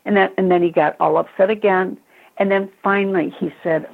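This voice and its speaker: A woman working as a psychic medium, telling a ghost story in an interview in an expressive, chatty way, over a tinny phone-like line. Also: lowish voice, normal speed, gravelly. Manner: expressive, calls the listener honey and girl.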